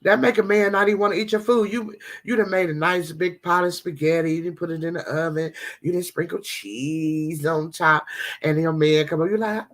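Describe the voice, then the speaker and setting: A woman's voice: fairly low pitch, fairly even intonation, normal speed. A woman hosting a casual devotional vlog, chatting animatedly and talking straight to her viewers.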